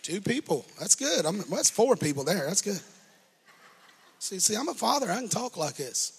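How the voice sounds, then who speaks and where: Here a pastor preaches in a high, sing-song voice with vocal fry and a slight roughness, keeping a moderate pace. Speaking straight to the congregation, he builds rising fervor with call-and-response asides, and the hall echoes around him.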